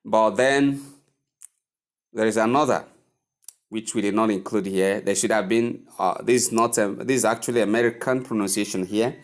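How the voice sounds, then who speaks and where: A man teaching English pronunciation, speaking slowly and deliberately and repeating words for learners to echo. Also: lowish voice. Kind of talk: pronunciation lesson.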